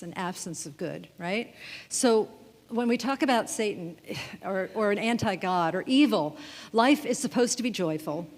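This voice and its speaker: In a church sanctuary, a woman minister gives a chatty, playful sermon, tossing questions to the congregation and laughing along. Her voice is middling in pitch, and the hall's long reverb trails after her words.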